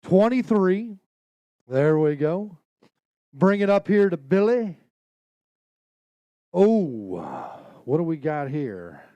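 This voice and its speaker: A man's voice: sits high, very animated, slow, long pauses, dark tone, dry recording, muffled recording. A man emceeing a fishing tournament weigh-in, announcing weights and joking energetically with anglers and the crowd. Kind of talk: live event announcing.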